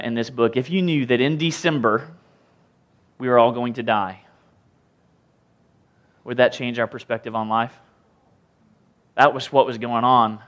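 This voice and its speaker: A man preaching a sermon, retelling scripture in an animated, conversational way. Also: medium pitch.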